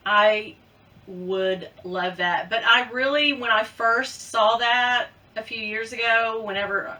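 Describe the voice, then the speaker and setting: A woman vlogger chatting casually to camera about luxury bags, playful and quick to giggle. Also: on the high side, bright, forceful tone, recorded from a distance, low-quality recording.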